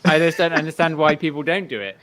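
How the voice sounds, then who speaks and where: A podcast guest talks in a casual chat, blunt and self-mocking, and acts out the people he quotes. His voice is slightly high and fast, heard over a noisy crowd.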